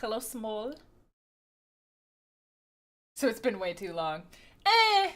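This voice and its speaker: A woman's voice: a little high, huge pitch swings, slow pace, a bit bright. A woman livestreamer chatting casually and greeting her viewers by name, giggling often.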